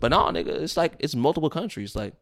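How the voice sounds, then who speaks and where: A young adult man telling stories in a profane, animated way while co-hosting a casual podcast chat. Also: fairly high pitch, quick pace, gravelly. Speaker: podcast co-host.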